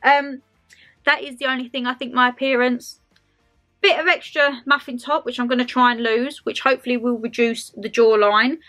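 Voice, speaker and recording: A woman's voice: fairly high pitch, fairly even intonation, normal speed, sharp tone, faint music behind. A woman in her twenties doing a casual, rambling Q&A vlog to camera, calling her viewers her lovelies. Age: 20s. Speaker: lifestyle vlogger.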